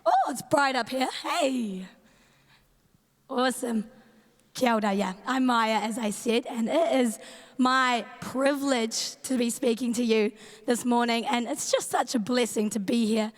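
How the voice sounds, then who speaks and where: Woman youth leader, New Zealand accent, strained voice, high and unhurried, big-hall reverb. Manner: playful, chatty, greets in Māori. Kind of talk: youth camp talk. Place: large events centre stage.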